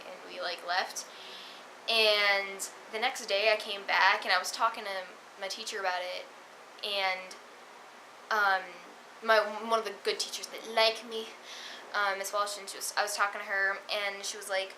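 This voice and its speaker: A woman's voice: medium pitch, steady tone, moderate pace, pushed and bright, slight background noise, low-quality recording. A teenage girl telling stories in a casual vlog, chatty with sarcastic asides. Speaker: vlogger.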